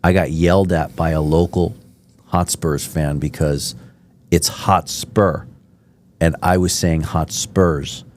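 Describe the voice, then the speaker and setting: A podcast host from Miami with a very low voice. He tells his stories in a rambling, enthusiastic way, full of fillers and asides. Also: fairly even intonation, normal speed, a little mellow, a little hiss or hum. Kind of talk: casual interview chat.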